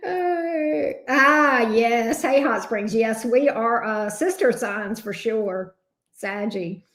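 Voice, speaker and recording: Slow and a little high, with a slightly bright tone, a woman in her fifties chats casually on her tarot-reading livestream, reading out viewer comments. She's frank, profane, and laughs with ease.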